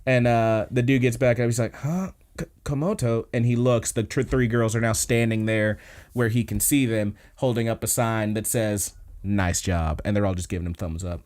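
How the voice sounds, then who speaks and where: A man's voice: fairly low pitch, little pitch movement, a little fast, darkish tone. A man hosting a podcast, casually recapping an episode, laid-back and swearing freely. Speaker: podcast host.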